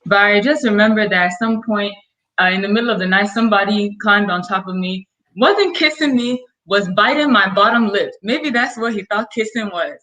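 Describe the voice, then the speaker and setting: A woman's voice: medium pitch, a little fast, bright, forceful tone, poor audio. A woman guest telling a candid personal story in a talk, hesitating with many fillers.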